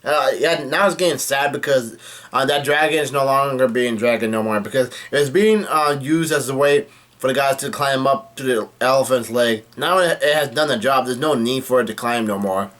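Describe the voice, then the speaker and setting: Halting man recapping a comic chapter. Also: medium pitch, a bit bright. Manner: halting, with frequent restarts and pauses.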